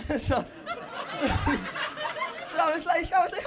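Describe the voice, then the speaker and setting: A young man with a Liverpool accent and a very high voice does stand-up on a comedy club stage, telling a crude, self-mocking story and laughing through his lines. His intonation is fairly even and his pace moderate, with frequent pauses, and the live club recording carries crowd noise in the background.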